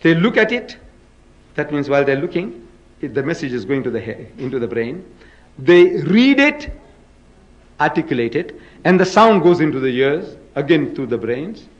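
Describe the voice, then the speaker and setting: A man delivers a public lecture in a fairly high voice, pressing the room with rhetorical questions. The recording is dull and lo-fi. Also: very animated, normal speed. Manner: emphatic, rhetorical questions to the audience. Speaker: public lecturer in religious debate. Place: lecture hall with an audience.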